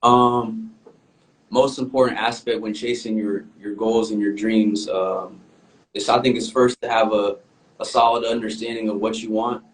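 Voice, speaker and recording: A young man co-hosting a podcast, talking earnestly in a casual, halting way with lots of "um"s. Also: on the low side, fairly even intonation, slight background noise, rough recording. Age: young adult. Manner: earnest, halting, many "um"s and restarts. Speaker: podcast co-host. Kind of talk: casual chat.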